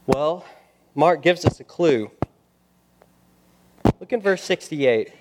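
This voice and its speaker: A male pastor preaching a sermon, building to loud emphatic passages and dropping to quiet, pointed asides. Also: a little high, expressive, takes it slowly, background noise.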